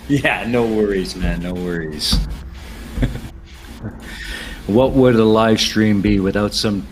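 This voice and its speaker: A laid-back man hosting a live stream, chatting casually and laughing often. His voice sits on the low side. A faint background noise runs under it. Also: slow pace. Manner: relaxed, easygoing, laughs often. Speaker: stream host.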